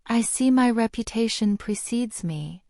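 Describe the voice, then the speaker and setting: A woman voicing a stern elderly witch who speaks in a firm, measured way. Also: fairly high pitch, animated, darkish tone, no room sound, studio quality. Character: stern elderly witch, calm creature expert.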